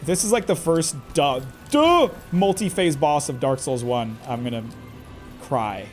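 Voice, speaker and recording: A man's voice: fairly high pitch, expressive, a little slow, faint music behind. A man commentating live on his own gameplay in a chatty way, talking to himself and to the enemy and exclaiming often. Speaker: game streamer.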